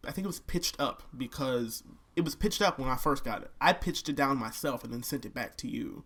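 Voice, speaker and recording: A man's voice: medium pitch, brisk. A young man chatting casually about making his album, telling stories animatedly and humming melodies as he goes. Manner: animated storyteller who hums melodies mid-sentence. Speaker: singer discussing his album. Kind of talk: casual chat.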